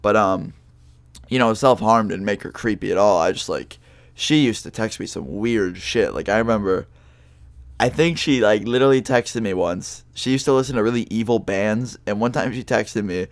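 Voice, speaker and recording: A young man tells a personal story straight to camera. He rambles loosely, with fillers and swearing. His voice sits low and the sound is close and dry, with no room behind it. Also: moderate pace, dry recording. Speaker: vlogger telling a story. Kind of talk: casual storytime monologue.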